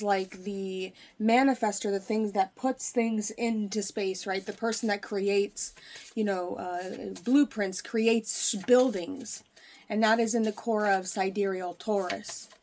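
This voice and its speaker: A woman's voice: mid-range voice, darkish tone. A woman with a mid-range voice gives a casual tarot reading to camera. She explains in a loose, rambling way, often stopping and restarting her sentences. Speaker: tarot reader.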